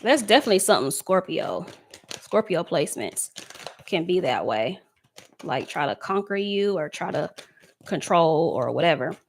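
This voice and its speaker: A woman's voice: on the low side, sing-song, normal speed, a little hiss or hum. A woman giving a casual live tarot love reading, talking loosely to her viewers, reading out their comments and laughing often. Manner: chatty, reads chat comments aloud, laughs often. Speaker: tarot reader.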